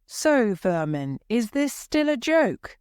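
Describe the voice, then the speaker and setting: A woman voicing an angry, blustering male opera director who shouts his questions, in a storybook reading for learners. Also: a little high, very animated, slow pace, clear, resonant tone, dry recording, studio quality, voice pushed up. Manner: shouting, indignant.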